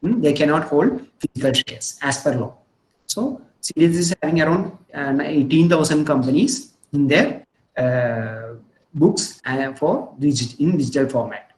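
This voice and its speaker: A man with an Indian English accent gives a webinar lecture over a video call. He talks haltingly, with many fillers and frequent "hmm?" check-ins to listeners. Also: fairly high pitch, animated, reverberant, low-quality recording. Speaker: webinar presenter on investing. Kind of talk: online lecture with slides.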